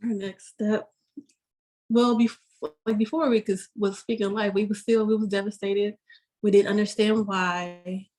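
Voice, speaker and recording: Woman answering in halting phrases. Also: mid-range voice, level tone, a little mellow. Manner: halting, searching for words. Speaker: guest. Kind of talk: interview answer.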